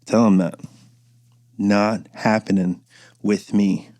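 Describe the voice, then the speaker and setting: A man's voice: on the low side, flat delivery, takes it slowly, warm tone, no echo. A man in his thirties hosting a podcast, telling loose, profane stories and acting out quotes in a casual monologue. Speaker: podcast host.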